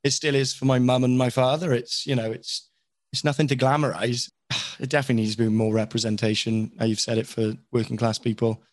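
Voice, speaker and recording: A Welsh voice actor, originally from Wales, sits as an interview guest for a candid chat, talking at length with frank, rambling self-criticism. His mid-range voice keeps a fairly even intonation at a fairly quick pace, and the recording is dry.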